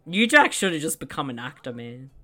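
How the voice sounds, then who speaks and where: A woman's voice: low-pitched, very animated, a little fast, fairly bright tone. A woman co-hosting a casual movie commentary podcast, joking, swearing freely and laughing often as she watches.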